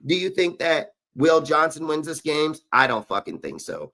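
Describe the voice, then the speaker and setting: A man's voice: a little high, very animated, moderate pace, vocal fry, sharp tone. A man hosting a live sports show, ranting heatedly and profanely about his team's draft choices. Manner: profane, fired-up, argumentative. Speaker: podcast host. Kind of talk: heated sports talk rant.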